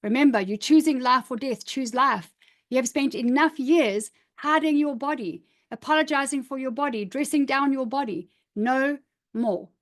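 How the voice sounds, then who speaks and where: A middle-aged woman leads a live online workshop, reading out participants' comments and answering them. She sounds upbeat, emphatic and encouraging, with a slightly high voice. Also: moderate pace. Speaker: image coach.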